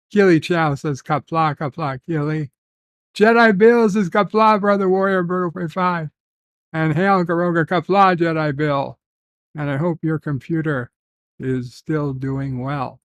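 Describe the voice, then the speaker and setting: A man hosting a casual livestream, reading viewer comments aloud and telling rambling stories with many filler pauses. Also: on the high side, dry recording. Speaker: livestream host.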